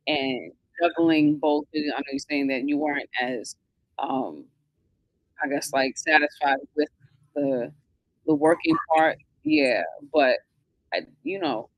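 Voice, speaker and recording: A woman with a gravelly edge to her voice, hosting a casual live conversation as a financial coach. Her pitch moves freely up and down while she talks things through, pausing to search for the right words. The sound is dry and close. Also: no echo, low-quality recording. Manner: thoughtful, searching for words with many fillers.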